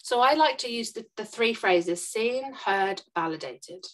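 Woman, podcast guest, quick emphatic explainer. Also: on the high side, lively intonation. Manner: fast, emphatic explaining with acted examples. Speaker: podcast guest, trauma expert.

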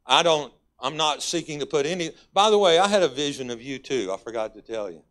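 A man's voice: on the high side, animated, brisk, fairly bright tone. A man with a Texas accent, a guest pastor preaching a folksy, conversational sermon in a church. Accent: Texan. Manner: folksy, conversational preaching with sudden emphatic rises.

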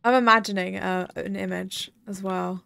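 A woman's voice: medium pitch, fairly even intonation, normal speed, creaky, fairly bright tone, clean tone. A young woman chatting casually on a live game stream, rambling and giggling as she talks to her viewers. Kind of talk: casual live-stream chat while gaming.

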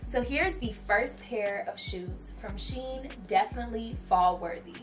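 A young woman with a slightly high voice takes her time as she vlogs a clothing haul, bubbly and gushing while speaking directly to her viewers in excited try-on chatter. She sits a little far from the mic, with music playing underneath.

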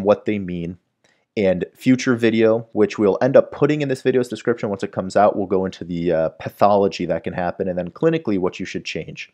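A man's voice: on the low side, a little mellow. A man teaching a medical whiteboard lesson, explaining step by step and often checking in with the listener. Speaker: medical educator. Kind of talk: whiteboard lecture.

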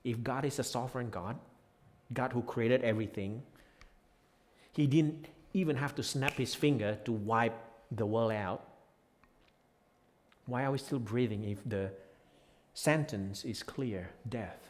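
A male pastor delivering a sermon with real passion, dropping low and quiet and then rising to loud, insistent peaks. His voice sits at an ordinary middle pitch. It rings out with a long reverb from the church hall around him. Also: measured pace, pauses often. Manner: impassioned, swinging from quiet to loud emphatic peaks. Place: church sanctuary.

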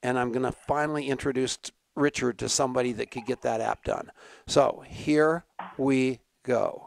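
A man's voice: medium pitch, steady tone, normal speed, creaky, no echo. A man hosting a talk show, joking, laughing often and telling stories in casual banter. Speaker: show host.

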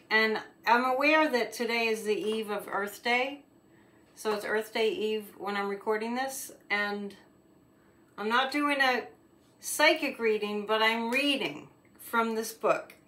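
Slow-paced and slightly high, this woman's voice is bright and forceful as she reads a picture book to viewers of her video. Originally from Gloucester, Massachusetts, USA, she's chatty and giggly, dwelling on words as she shows pictures and tossing in casual remarks about the illustrations.

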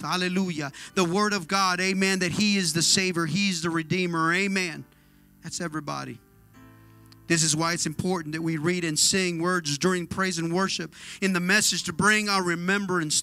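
A man's voice: sits high, steady tone, normal speed, pushed and bright, soft background music. A man preaching a sermon with fervent exhortation, punctuating his lines with hallelujah and amen.

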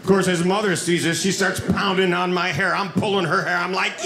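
A man doing a stand-up comedy set on a club stage, telling stories with animated delivery and high shouted quotes. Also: a little fast, few pauses, reverberant, background noise. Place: comedy club stage before a live audience.

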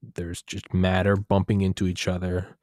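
A young man with a deep, low voice rambles through a casual monologue. He swears freely and keeps restarting his sentences. The sound is close and dry. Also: completely flat delivery, moderate pace, darkish tone, dry recording. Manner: profane, digressive, restarts often.

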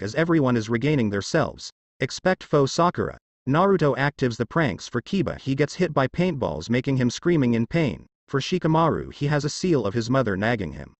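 Guy narrating fanfic, bouncy pitch, dry close mic. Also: no echo. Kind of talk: reading fan fiction aloud.

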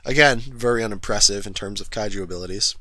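A man's voice: lowish voice, quick pace, sharp tone, no echo. A man casually retelling a movie's plot, rambling and correcting himself, full of fillers. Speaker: film reviewer.

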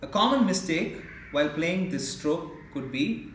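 A man teaching beginner drum strokes in a slow, patient way, counting beats aloud and demonstrating. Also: a little high, animated. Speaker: mridangam teacher. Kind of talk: instructional lesson. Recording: very echoey room, mic at a distance, loud noise.

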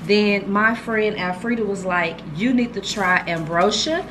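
A woman's voice: mid-range voice, measured pace, noisy background. A woman, chatting casually and gushing to viewers as she unboxes gifts for her vlog, filmed on a handheld camera. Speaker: vlogger.

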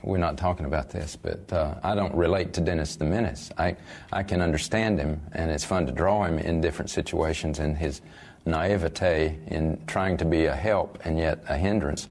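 An older man cartoonist in a documentary interview, relaxed and self-deprecating about drawing his character. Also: extremely low pitch, moderate pace, few pauses, slight background noise.

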